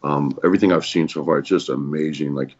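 Deep-voiced earnest man, muffled. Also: fairly even intonation, fast talker. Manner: earnest, reflective. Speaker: podcast guest. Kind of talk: casual chat.

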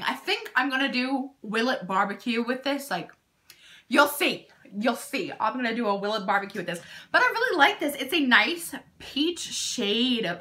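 A young woman in a casual beauty unboxing vlog, gushing and excitable as she talks to her viewers. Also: fairly high pitch, slight background noise. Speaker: beauty YouTuber.

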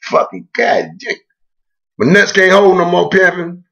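Very high, gravelly trash-talking man. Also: big pitch swings, measured pace, pushed and bright. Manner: boastful, profane, taunting. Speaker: video blogger. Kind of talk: trash-talking rant to camera.

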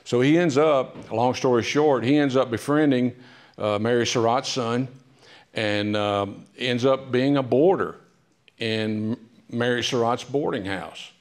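A man's voice: medium pitch, a little slow. Chatty male author telling history. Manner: chatty, humorous, with frequent "uh" fillers. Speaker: author giving a talk. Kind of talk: casual storytelling talk. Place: public library meeting room.

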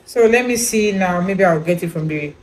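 A woman's voice: fairly low pitch, normal speed, a little hiss or hum, poor audio. A woman chatting casually about a skincare product, rambling and often asking viewers whether they follow her. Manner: chatty, rambling, with many repeated "you know" fillers; addresses viewers directly, asks if they understand. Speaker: beauty product reviewer. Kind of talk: casual product review vlog.

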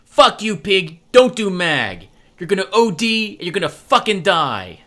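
A man's voice: high voice, very animated, measured pace, a bit bright, pitched above the performer's own voice, full character voice. A man voicing a crude, taunting twelve-year-old punk. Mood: mocking. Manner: taunting, crude, talks about himself in third person. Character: foul-mouthed scrawny 12-year-old boy street punk.

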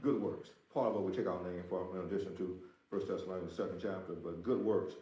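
A man's voice: low voice, fast talker, dark tone, muffled recording. Emphatic male pastor in a roomy church. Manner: emphatic, repeats phrases, talks directly to the congregation. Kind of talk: sermon. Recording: roomy echo.

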